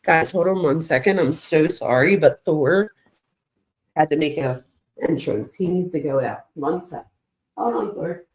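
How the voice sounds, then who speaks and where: Woman, lowish voice, very lively pitch, casual sarcastic commentary, true crime host. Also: a little slow. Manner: sarcastic, exasperated asides. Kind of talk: casual commentary, reading text messages aloud. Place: at home with her dog.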